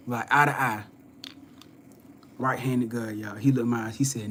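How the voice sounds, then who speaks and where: A young man, hosting a live spiritual reading stream and telling a personal story in a casual way. He acts out other people's lines, swinging from loud and animated to low and hushed. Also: normal speed, long pauses, slight background noise. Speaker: spiritual reader and host.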